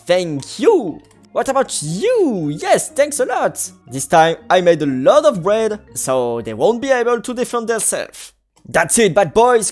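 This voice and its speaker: A game channel host, giving playful let's-play commentary full of exclamations and silly sound effects. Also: mid-range voice.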